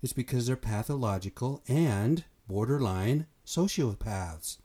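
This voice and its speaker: A man's voice: medium pitch, animated, measured pace, mellow, breathy edge. A man from the United States giving a blunt, fired-up opinion monologue, swearing and repeating himself for emphasis. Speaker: commentator.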